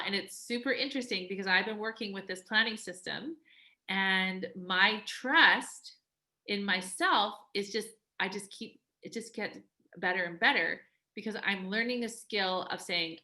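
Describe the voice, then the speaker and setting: Bright-voiced woman coaching a group. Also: medium pitch. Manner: chatty, acts out quoted voices, many "like"s. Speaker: life coach. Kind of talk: live group coaching talk.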